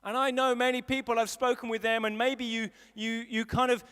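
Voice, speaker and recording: A man's voice: very high voice, level tone, brisk, pushed and bright, clear, resonant tone. A man preaching a sermon in a conversational way, driving points home by repeating them, at a live service in a large hall. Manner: conversational, emphatic repetition.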